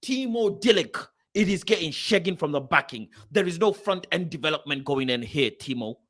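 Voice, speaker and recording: A young man rants at his screen, mocking and swearing as he reads out names. His voice sits on the high side and swings widely between loud outbursts and low mutters. He sounds like a football vlogger who is fed up. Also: animated, normal speed. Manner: mutters while reading a screen aloud. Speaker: football channel host. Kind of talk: ranting reaction commentary.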